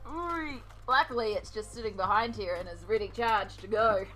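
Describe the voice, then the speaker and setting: A woman's voice: mid-range voice, a little fast, a bit bright, faint music behind, rough recording. A woman streamer chatting casually to her viewers while colouring, giggling often. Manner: chatty, giggly, talks to chat.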